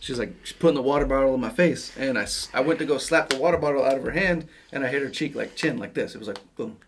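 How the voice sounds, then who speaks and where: A man's voice: medium pitch, quick pace, a little hiss or hum. A man with a mid-range voice joins a casual conversation among friends. He laughs a lot, chimes in, and swears freely. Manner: laughing, chiming in, profane. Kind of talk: casual storytelling chat.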